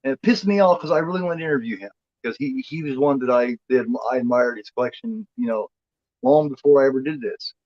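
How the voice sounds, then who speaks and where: A man with a medium-pitched voice talks fast while co-hosting a horror movie chat show, rambling casually and swearing freely. He voices the cat in a playful drawl, and the audio has no echo but its highs are cut off.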